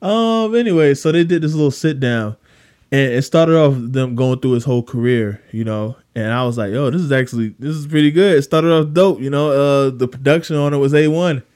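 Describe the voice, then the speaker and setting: A young man co-hosting a casual wrestling podcast, telling stories with lots of slang and swearing, his voice climbing high when he's incredulous. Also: normal speed, clean tone. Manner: animated storyteller, swears freely, rises high when incredulous. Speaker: podcast co-host.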